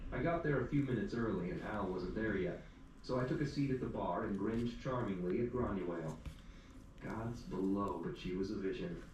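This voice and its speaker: A man's voice: fairly low pitch, darkish tone. A man narrating a first-person story in a dry, wry storytelling manner. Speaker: audiobook narrator. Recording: echoey room, distant mic, faint hum.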